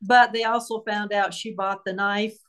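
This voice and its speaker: A woman author tells a true crime story as a guest on an interview show. She speaks at a medium pitch and acts out quoted voices with lively emphasis as she walks through each step of the case. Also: normal speed, clean tone. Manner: animated retelling, acting out quoted voices.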